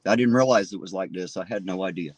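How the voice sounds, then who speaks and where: A man's voice: sits low, fast talker, no room sound. A man livestreaming from a town street on a phone, ranting angrily and swearing heavily. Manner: swears heavily, indignant and fired up. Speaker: livestream host. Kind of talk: angry livestream rant.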